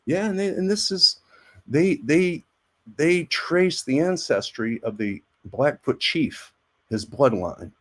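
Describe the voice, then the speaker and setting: A man's voice: a little high, animated, slow pace. A man, an army veteran and actor, telling rambling stories as a guest in a casual interview. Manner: rambling, repeats words, acts out quoted voices.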